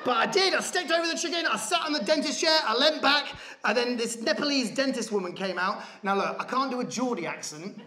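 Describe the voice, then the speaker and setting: A man performing a stand-up comedy set on a theatre stage, telling a story with animated, shouted rants. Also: extremely high pitch, a little fast. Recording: live theatre, audience laughter. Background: audience laughing.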